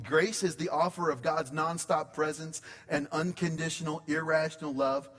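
A man's voice: fairly high pitch, a bit bright. Man preaching in a reverberant church. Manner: conversational preaching with dramatic pauses. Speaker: pastor. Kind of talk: sermon.

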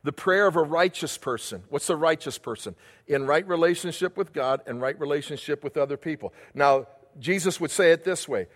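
Man, pastor, sermon, rhetorical questions, somewhat high pitch, reverberant hall. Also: normal speed, fairly bright tone. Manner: preaching with rhetorical questions to the congregation.

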